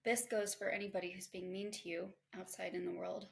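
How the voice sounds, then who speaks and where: A woman who is a mother hosts a podcast and delivers a casual self-help monologue on parenting, candid, conversational and self-reflective. Her voice is on the low side and creaky, with a flat delivery at a slightly fast pace.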